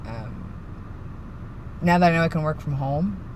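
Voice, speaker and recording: A vlogger from the East Coast of Canada, chatting casually in a parked car while cold and tired, wandering between chatty remarks and hushed mumbled asides. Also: mid-range voice, expressive, measured pace, slight background noise. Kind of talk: casual vlog chat. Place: inside a parked car in winter.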